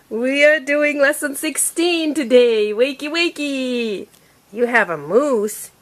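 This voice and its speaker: A woman teaching her young child to read at home, patient and coaxing, sounding out letters slowly and repeating them. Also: a little high. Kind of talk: home reading lesson.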